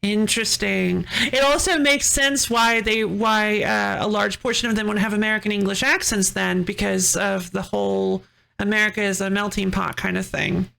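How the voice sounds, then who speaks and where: A woman's voice: mid-range voice, fairly even intonation, moderate pace, gravelly, fairly bright tone. A woman streamer giving casual let's-play commentary, musing and thinking aloud with curiosity. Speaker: game streamer.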